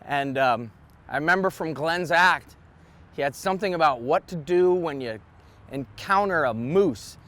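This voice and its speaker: Fairly high-voiced man chuckling through an anecdote. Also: lively intonation, measured pace, a bit bright. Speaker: comedian. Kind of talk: interview storytelling.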